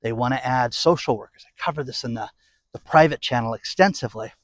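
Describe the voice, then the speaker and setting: A man's voice: medium pitch, fast talker, fairly bright tone, no room sound. A middle-aged man delivering an opinionated, sarcastic commentary rant as a vlogger. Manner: sarcastic, ranting, mocking.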